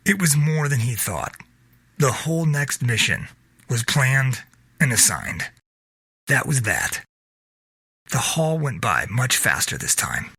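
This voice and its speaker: A man reading scripted narration of an audio drama in a measured, expressive way. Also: mid-range voice, slightly rough, no room sound, studio quality.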